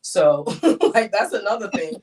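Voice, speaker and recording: A middle-aged woman from the United States, a guest in a casual interview, telling her story with lively acted-out quotes. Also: medium pitch, a little slow, distant mic, crowd noise. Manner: animated storyteller, acts out quotes.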